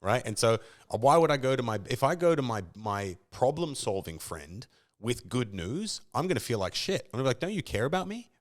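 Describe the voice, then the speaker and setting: A man's voice: mid-range voice, a little fast. An Australian man talking as a podcast guest in casual chat, telling stories animatedly and acting out other people's lines. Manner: animated storyteller who acts out quoted voices.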